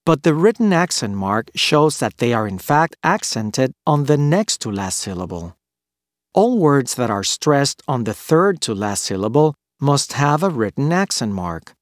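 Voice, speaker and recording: A man reading a scripted pronunciation lesson, clearly enunciating each model word. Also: mid-range voice, sing-song, a little slow, no echo, studio quality. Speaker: language teacher.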